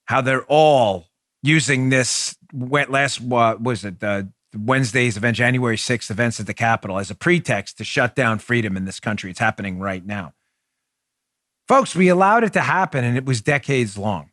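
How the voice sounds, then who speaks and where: A man's voice: mid-range voice, a bit bright, no echo. Fired-up male podcast host, dry sound. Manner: fired up, emphatic, repeats words for stress. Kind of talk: political commentary monologue.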